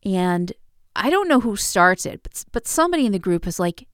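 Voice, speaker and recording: A woman hosting a podcast, telling personal stories in a calm, wry, self-deprecating way with soft laughs, close on a mic. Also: medium pitch, brisk, smooth, dry recording. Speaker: podcast host. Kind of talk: casual personal storytelling.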